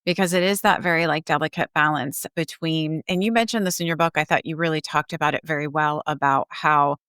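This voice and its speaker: A woman's voice: sits low, steady tone, brisk, a bit bright, clear, resonant tone, dry recording, clean studio sound. A woman hosting a podcast, talking casually and chattily with frequent fillers. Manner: chatty, lots of "like" and "you know". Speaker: podcast host.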